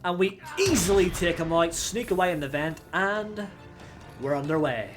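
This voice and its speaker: A young man with a high voice talks through a game as he plays it, getting excited and shouting at it. his commentary is loose and he swears freely, with faint game music playing behind him. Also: moderate pace. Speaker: gaming channel host. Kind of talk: let's play commentary.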